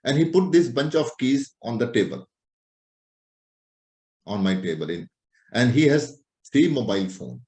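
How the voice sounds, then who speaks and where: A male doctor giving a clinical lecture, animated and teasing as he acts out his examples. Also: medium pitch, measured pace, pauses often. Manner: lively, animated, playful teasing. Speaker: doctor teaching a class. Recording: roomy echo.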